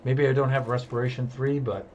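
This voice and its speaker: A man's voice: mid-range voice, flat delivery, a little fast, a little mellow, highs cut off, slight background noise. A man chatting through live gameplay commentary, self-amused and handing out jokey tips. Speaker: streamer.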